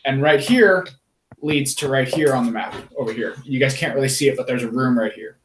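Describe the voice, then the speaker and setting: A man's voice: mid-range voice, a little fast. A man playing in a tabletop game, explaining where everyone stands on the map and repeating himself. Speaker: player. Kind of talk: casual tabletop game chat. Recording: roomy echo with faint noise.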